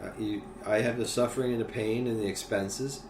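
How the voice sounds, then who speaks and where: A man chatting casually as a podcast co-host, telling stories in an animated way and swearing freely. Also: fairly low pitch, fairly quick, recorded from a distance. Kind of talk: casual chat. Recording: echoey room with faint noise.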